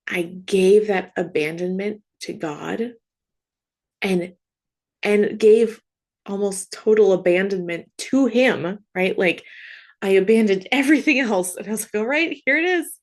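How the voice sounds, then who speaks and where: A woman working as a Catholic grief coach, speaking in an earnest, gentle way, often asking "right?". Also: mid-range voice. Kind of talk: heartfelt faith monologue.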